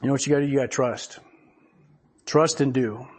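A man's voice: mid-range voice, steady tone, a little fast. A man preaching a conversational sermon, folksy and chuckling often as he reads scripture aloud. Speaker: pastor.

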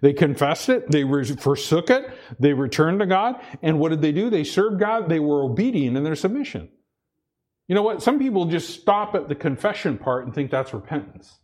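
A man's voice: a little high, big pitch swings, moderate pace, a little mellow. A man preaching a sermon, earnest, repeating himself and restarting phrases as he presses his point. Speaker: pastor.

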